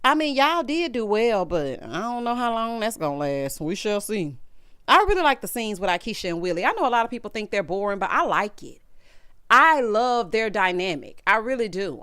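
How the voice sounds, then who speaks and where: Sassy Southern woman with a lively voice. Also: mid-range voice, normal speed, smooth, dry recording, clean studio sound. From Southern United States. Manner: sassy and gossipy, calls viewers honey and y'all. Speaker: reality TV recap reviewer. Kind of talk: casual recap commentary.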